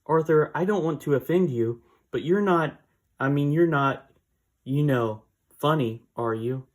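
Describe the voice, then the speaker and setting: A man's voice: fairly high pitch, a little slow, lightly acted. A man reading out the lines of an eager, dim-witted male superhero from a comic, in a lightly raised voice. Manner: read out plainly from a comic.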